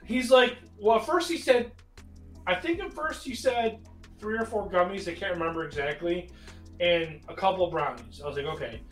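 A man's voice: high-pitched, animated, moderate pace, far from the mic. A man telling a funny story in casual chat, often breaking into laughter. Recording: roomy echo with faint music.

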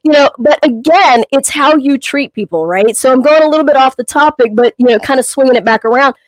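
A talkative woman with a fairly high voice tells a long story on a podcast, looping back on herself with plenty of fillers. She speaks as a personal trainer and gets emotional as she goes. The sound is dry and close, with no room around it. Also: fairly quick, dry recording, rough recording. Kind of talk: casual podcast chat.

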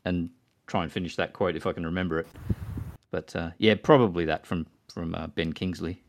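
A man's voice: sits low, a little fast. A man hosting a casual podcast chat, chatty and prone to quoting films. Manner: chatty, quotes films in put-on voices. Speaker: podcast host.

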